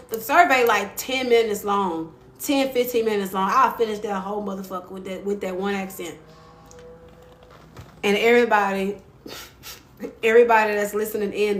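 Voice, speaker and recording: Playful, chatty woman livestreaming. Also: moderate pace. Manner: chatty, playful, laughs often; expressive, swoops into high squeals when excited. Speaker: livestream host. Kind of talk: casual livestream chat. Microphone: phone mic. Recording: roomy with faint ambient noise.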